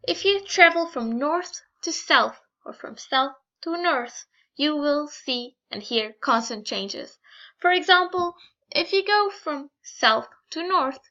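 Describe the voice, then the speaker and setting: A young woman giving a school screencast presentation, reading carefully with pauses and small restarts. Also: extremely high pitch, bright, forceful tone, muffled recording. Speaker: student presenter.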